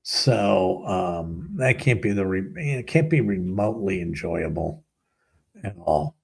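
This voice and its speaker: A man with a low, gravelly voice and a husky edge rants as a talk show host. He rambles sarcastically and sounds exasperated. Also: animated, takes it slowly. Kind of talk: ranting commentary.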